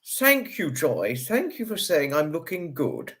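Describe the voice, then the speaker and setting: A man's voice: big pitch swings, a little slow, slight background noise. A man hosting a livestream, effusively greeting viewers and repeating his hellos over and over. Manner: pitch swings up and down sharply. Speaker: livestream host.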